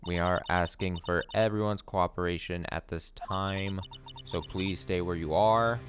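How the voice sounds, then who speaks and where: A man's voice: low-pitched, fairly even intonation, measured pace, slight background noise. A man voicing a formal announcer in a video game, reading a notice to a crowd. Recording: game music behind.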